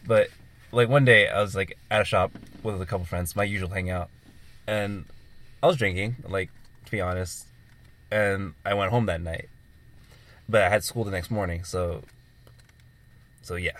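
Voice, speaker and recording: A man's voice: deep voice, fairly even intonation, normal speed, pauses often, fairly bright tone. A young man telling a rambling story in casual chat among friends, swearing often and filling with "like".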